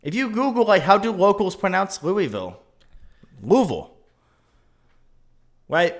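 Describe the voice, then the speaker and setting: A man co-hosting a casual podcast chat, talking in an animated, ranting way and laughing often. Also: high voice, a little fast. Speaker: podcast co-host.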